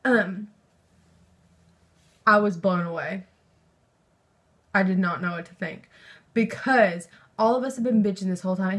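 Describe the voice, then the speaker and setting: A young woman chatting about a book she loved, rambling and excitable, full of filler words and the odd swear. Her pitch sits in an ordinary middle range. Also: moderate pace, pauses often. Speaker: book vlogger. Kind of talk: casual book review chat.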